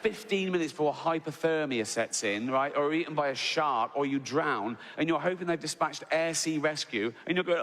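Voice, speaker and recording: A man's voice: a little high, lively intonation, normal speed, hardly any pauses, a bit bright. Middle-aged man doing stand-up. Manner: chatty, tags lines with "right?", swears freely. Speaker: stand-up comedian. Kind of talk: stand-up comedy. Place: large theatre stage. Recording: echoey theatre with faint ambience. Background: audience laughter.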